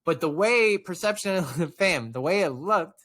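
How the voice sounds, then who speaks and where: A man's voice: sits high, moderate pace. A man co-hosting a podcast, telling a story in casual, profane chat and acting out the people in it. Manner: animated storytelling, acts out quoted voices. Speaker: podcast co-host.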